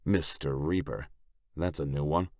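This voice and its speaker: A man voicing a brash young biker in an audiobook, firing off loud, blunt retorts. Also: fairly low pitch, very animated, takes it slowly, no room sound, clean studio sound, pitched above the performer's own voice. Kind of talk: audiobook character voice.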